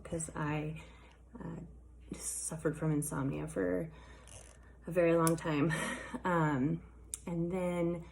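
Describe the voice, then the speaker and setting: A young woman talks to her viewers in a relaxed, rambling vlog, sprinkling her sentences with ums and likes. Her voice sits low and has a gravelly fry to it. A faint hiss runs under the recording. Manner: chatty, with many ums and likes. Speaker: vlogger. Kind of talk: casual chat.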